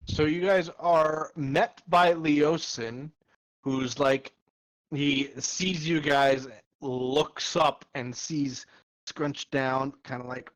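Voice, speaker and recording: A man narrating a tabletop game as game master, easygoing with quick asides. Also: a little high, steady tone, rough recording.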